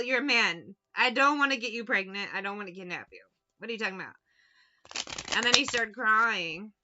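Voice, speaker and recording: A woman's voice: on the high side, highs cut off, background noise. A woman talking bluntly and with a lot of swearing as she tells anecdotes in a casual monologue as a tarot reader. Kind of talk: casual straight-to-camera monologue.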